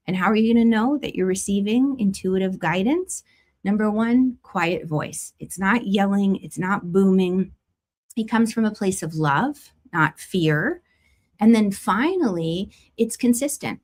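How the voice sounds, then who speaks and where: A woman's voice: mid-range voice, a little slow. A middle-aged woman hosting a spiritual astrology talk, chatting casually with viewers and laughing often. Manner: warm conversational, laughs often, lively emphasis. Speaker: astrology and tarot host.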